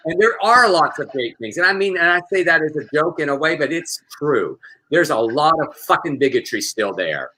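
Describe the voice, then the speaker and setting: A man's voice: on the high side, expressive, brisk, bright, forceful tone, poor audio. A man from Texas, co-hosting a casual chat, heated and profane with lots of stammered restarts. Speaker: co-host.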